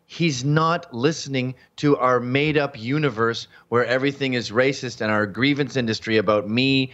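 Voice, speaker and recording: A man's voice: mid-range voice, normal speed, a bit bright, muffled recording. A man from Canada talking as a guest on a talk show, sardonic and mocking. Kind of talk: casual talk show chat.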